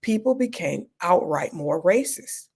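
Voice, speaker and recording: In a candid interview, a woman in her fifties who works as an emergency doctor and speaker tells frank stories with a conversational, dryly humorous manner. Her voice is fairly low, expressive and a little slow, with a darkish, slightly rough tone.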